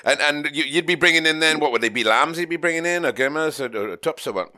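A man's voice: on the high side, animated, quick pace, pushed and bright. A man interviewing a farmer, curious, asking follow-up questions in a casual way.

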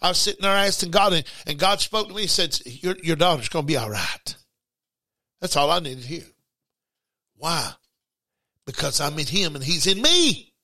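A middle-aged man preaches a loose, conversational sermon to his broadcast listeners. His voice sits high and sounds bright and forceful, with a dry, close sound. He repeats words and breaks into shouts. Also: expressive, moderate pace, dry recording.

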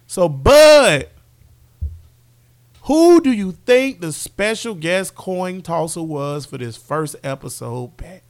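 A man's voice: high voice, lively intonation, slow. A man co-hosting a sports podcast, teasing and joking in loose slang. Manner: teasing, playful, drawling slang. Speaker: podcast co-host. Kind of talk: casual sports podcast banter.

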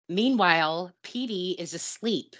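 Woman, podcast co-host, bright clear voice, chatty, giggly, quick jokes. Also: fairly low pitch. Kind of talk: casual movie recap.

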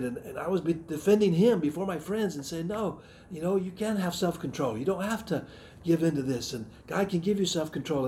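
A middle-aged man from the Southern United States giving a personal testimony in a sermon, earnest and reflective, often pausing and restarting his sentences. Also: on the high side, warm tone, slight background noise. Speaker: missionary speaker giving testimony.

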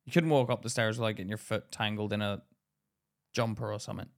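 A young man, co-hosting a casual podcast and telling stories in an animated way. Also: on the low side, fast, gravelly. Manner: animated storyteller, acts out voices loudly. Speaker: podcast co-host. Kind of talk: casual chat.

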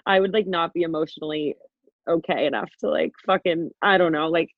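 A woman's voice: low-pitched, steady tone, a little fast, no echo. A young woman co-hosts a podcast in loose, casual chat. She rambles through stories, laughs often and swears freely. Her voice sounds dry and a little muffled. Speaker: podcast co-host.

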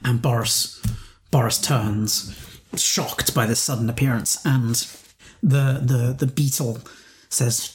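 A man's voice: mid-range voice, steady tone, takes it slowly. Man narrating an improvised story. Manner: rambling, with many restarts.

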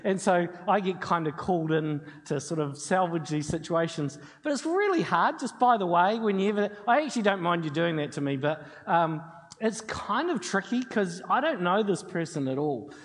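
A man's voice: high voice, expressive, normal speed. A man preaching a sermon, telling a story in a chatty way and acting out the dialogue. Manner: conversational storytelling with quoted dialogue. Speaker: pastor. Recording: long hall reverb.

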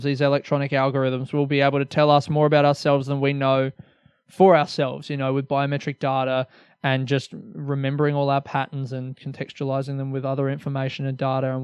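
A man's voice: medium pitch, clean tone, no echo. A young Australian man hosting a solo comedy podcast, rambling energetically with lots of swearing and self-mockery.

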